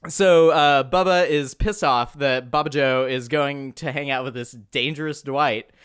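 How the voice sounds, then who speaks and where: A man's voice: medium pitch, measured pace, clear, resonant tone, dry recording, clean studio sound. A young man co-hosting a podcast, casually recapping a movie and acting out the characters in goofy voices. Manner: animated, acts out characters in silly voices. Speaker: podcast co-host.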